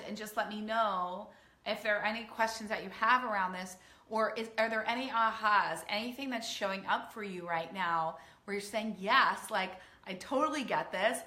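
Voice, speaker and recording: A woman's voice: medium pitch, bright, forceful tone, echoey room. A woman weight-loss coach speaking to a live online audience in an earnest, emphatic way, often acting out the voices in people's heads. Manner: earnest, emphatic, acts out quoted inner voices. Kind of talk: live-streamed coaching talk.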